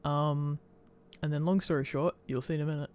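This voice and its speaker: A man's voice: fairly high pitch, steady tone, a little fast, darkish tone, clear, resonant tone. A man giving a casual, self-deprecating commentary over his old home videos and laughing often.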